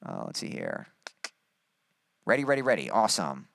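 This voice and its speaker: A man's voice: lowish voice, wildly swooping pitch, normal speed, gravelly, a bit bright, dry recording, clean studio sound. Upbeat chatty male stream host. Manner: upbeat, chatty, reads out viewer comments. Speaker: livestream host and musician. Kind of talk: casual livestream chat.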